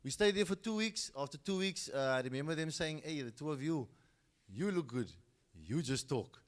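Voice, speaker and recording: At a school football launch, a middle-aged South African man gives a storytelling speech and plays the people he quotes. His voice runs on the high side and animated, at a normal speed.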